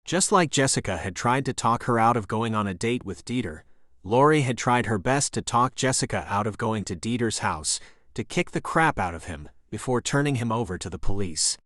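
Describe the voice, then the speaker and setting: A man narrating an action thriller audiobook in a steady, even reading voice. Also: medium pitch, moderate pace, no echo, clean studio sound. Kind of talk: scripted narration.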